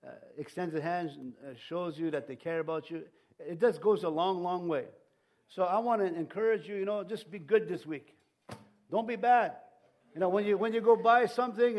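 A middle-aged man preaches in a church, pitched a little high for a man. He talks in a folksy, rambling way, full of restarts and fillers. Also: darkish tone. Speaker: pastor. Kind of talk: sermon. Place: church sanctuary.

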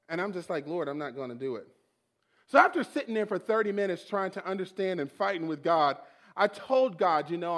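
A man with a high voice preaches to a congregation, telling his own story. His delivery is animated, and he acts out his prayers as if they are happening again. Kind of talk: sermon testimony.

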